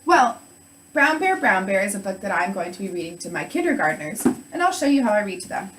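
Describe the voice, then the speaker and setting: A woman school librarian giving tips on reading aloud, upbeat and expressive. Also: mid-range voice, brisk, noisy background. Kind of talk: instructional chat.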